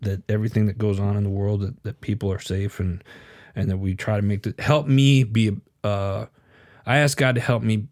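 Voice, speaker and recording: A man's voice: fairly low pitch, a little mellow, no room sound, studio quality. A middle-aged man hosting a casual faith chat, talking in an earnest, confiding way and often repeating words as he thinks.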